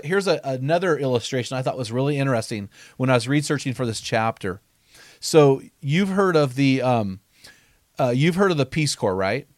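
Earnest and conversational, this male author and podcast host teaches through stories in a middle-pitched voice. He reads quotations aloud and frequently repeats words as he starts a thought over. The recording is close and dry, free of room echo.

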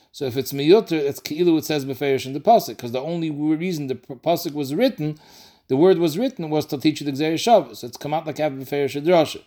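A man teaching a daily Talmud class, explaining quickly and mixing in Aramaic and Yiddish terms. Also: fairly high pitch, warm tone.

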